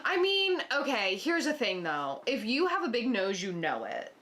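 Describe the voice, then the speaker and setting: Podcast lady, dry short teasing answers, kinda high voice, bouncy. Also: big pitch swings, normal speed, sharp tone. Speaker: podcast co-host. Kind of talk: casual chat.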